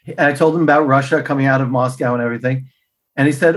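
A middle-aged man, a podcast guest, telling personal stories in an animated way and acting out the dialogue. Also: mid-range voice, fast talker. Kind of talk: storytelling interview answers.

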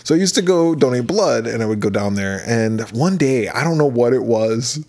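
A man's voice: medium pitch, normal speed. Swearing, storytelling male podcast co-host. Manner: swears often, laughs, animated storytelling. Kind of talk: casual chat.

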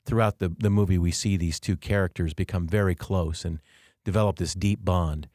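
A man with a very low, deep voice hosts a devotional podcast. He talks earnestly and reflectively and explains ideas step by step. The recording is dry, with no room sound. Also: steady tone, moderate pace, a little mellow, no room sound. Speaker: podcast host.

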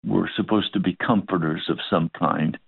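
Gravelly-voiced male pastor telling a story. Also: sits low, fairly even intonation, normal speed, dry recording. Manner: tells a story acting out both sides of a dialogue. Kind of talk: sermon storytelling. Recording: dry, phone-like narrow sound.

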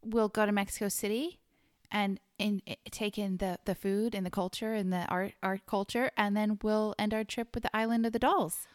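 A middle-aged woman co-hosting a podcast, chatting casually and telling a story, lively, sometimes dropping to a whisper. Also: medium pitch, moderate pace. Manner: animated, drops to whispers when telling spooky parts. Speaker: podcast co-host.

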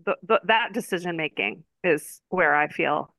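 A woman's voice: lowish voice, animated, moderate pace, fairly bright tone, dry recording. A woman co-hosting a podcast, talking earnestly and emphatically about a memoir. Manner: earnest, emphatic, uses filler likes. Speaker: podcast co-host. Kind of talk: casual book-club chat.

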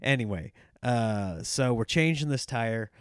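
A man's voice: unhurried, clean tone, dry recording, clean studio sound. A man, hosting a podcast and telling a family story with laughs and mimicked voices. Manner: animated, laughing, mimicking others in high voices. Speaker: podcast host. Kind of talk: casual storytelling monologue.

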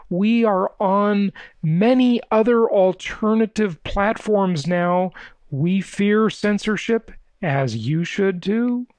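A man's voice: high voice, a little mellow, no room sound. Male podcast host, emphatic casual monologue, dry close recording. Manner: emphatic, repeats words for effect.

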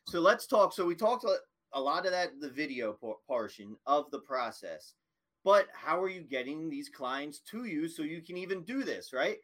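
A man's voice: on the high side, lively intonation, moderate pace, a bit bright. A man hosting a casual podcast conversation, talking in an enthusiastic, affirming way. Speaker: podcast host.

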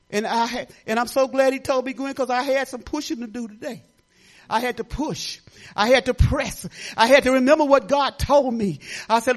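An older woman preaching a testimony at church, fervent and repetitive, with bursts of laughter and sudden shouts. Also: a little high, normal speed. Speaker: church speaker.

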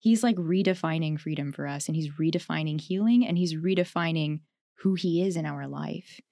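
A woman's voice: low-pitched, normal speed, vocal fry, warm tone, dry recording, studio quality. A woman from Canada co-hosting a podcast, telling a story in a casual, reflective way, with lots of "like" and frequent laughter. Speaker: podcast co-host.

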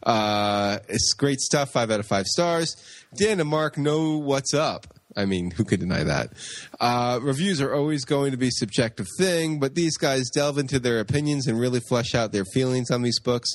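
A man co-hosting a podcast in casual chat, goofy and quick with a joke. His voice sits at an average pitch and is recorded close and dry. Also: no echo. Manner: goofy, joking. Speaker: podcast co-host.

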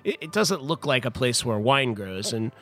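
A man's voice: medium pitch, sing-song, moderate pace, pushed and bright, faint music behind. A man in a casual podcast conversation, telling a long story about wine history in a chatty, rambling way full of restarts and asides. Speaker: wine importer guest.

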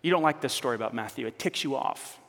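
A man preaching a sermon as pastor, animated and conversational with a teasing edge. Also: mid-range voice, fast talker, creaky. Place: church. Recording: reverberant church hall.

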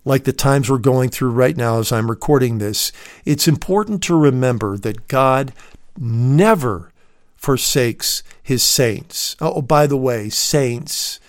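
A man's voice: medium pitch, slow, dry recording, studio quality. A man preaching a recorded sermon to his listeners, calling them dear friend and leaning hard on key words. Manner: emphatic, swells on key words. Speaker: radio preacher.

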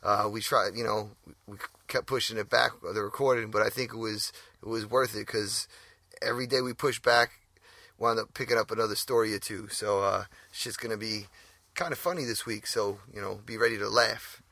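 Gravelly laid-back New man. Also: fairly low pitch, steady tone, normal speed, bright, forceful tone, dry recording. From New York. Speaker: podcast co-host. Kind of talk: casual chat.

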